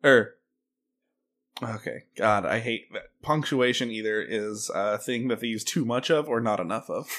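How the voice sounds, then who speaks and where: A man's voice: lowish voice, expressive, moderate pace, a bit bright. Male co-host, casual chat, reads articles aloud with slips and giggles. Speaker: podcast co-host reading a news story.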